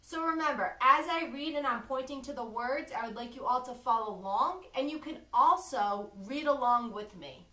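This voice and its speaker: A woman teacher reading a lesson to young children, slow and clearly enunciated, encouraging them to repeat after her. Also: sits high, bright, forceful tone, recorded from a distance. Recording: echoey room, a bit off-mic.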